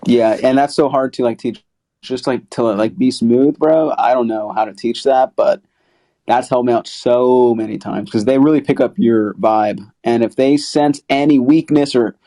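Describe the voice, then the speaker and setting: Laid-back slangy man, mellow voice. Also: mid-range voice, moderate pace. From Texas. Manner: laid-back slangy talk with many fillers. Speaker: apartment locating broker and host. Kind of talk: casual group audio chat.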